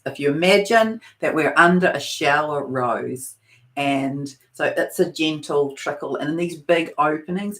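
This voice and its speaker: A woman from New Zealand with a New Zealand accent, giving a spiritual talk on a livestream in a soft, meandering way, with many pauses. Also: very deep voice. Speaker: spiritual channeler. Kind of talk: live-streamed spiritual talk.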